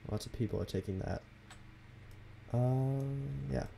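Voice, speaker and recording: A young man streaming a city-building game from his home computer, chatting casually with viewers in a soft, half-whispered, laid-back way. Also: medium pitch, measured pace, vocal fry, a little hiss or hum. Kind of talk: casual live-stream commentary.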